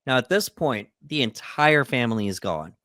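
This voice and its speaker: A male co-host of a movie podcast reads through a plot summary and chats, recapping steadily with dry humor. His mid-range voice is animated and fairly bright, at a moderate pace, in a dry recording.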